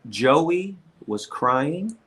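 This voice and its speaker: A man guesting on a podcast interview, telling blunt, animated stories and often stammering as he restarts his sentences. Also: fairly high pitch, drawn-out words, low-quality recording. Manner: blunt and outspoken.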